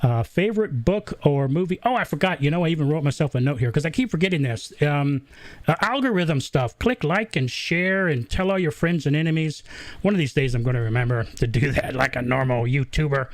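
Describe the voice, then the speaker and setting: Hosting a laid-back livestream Q&A, this man speaks with a Southern accent from the American South, full of fillers and restarts. His pitch runs on the high side, he talks fairly quickly, and there's no room sound.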